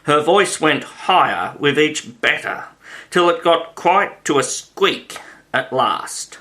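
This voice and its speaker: A man narrating a classic children's audiobook in a measured, even manner. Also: fairly high pitch. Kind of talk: storybook narration.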